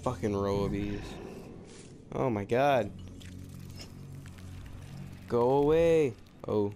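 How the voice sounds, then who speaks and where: A man giving let's-play commentary, excitable and full of swearing and rambling asides. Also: mid-range voice, extremely slow. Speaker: gamer. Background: game music.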